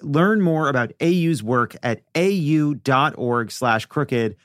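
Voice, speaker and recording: A man reading a scripted advertisement in an earnest, measured way, slowing down for the web address. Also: medium pitch, expressive, dry recording, clean studio sound. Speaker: ad announcer. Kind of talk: scripted ad read.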